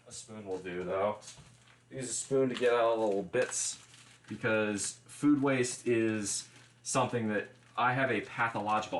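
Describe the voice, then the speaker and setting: Man, livestream host, casual cooking chat, wry asides, lowish voice, echoey room, faint hiss. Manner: chatty, explains as he goes, wry asides. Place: home kitchen.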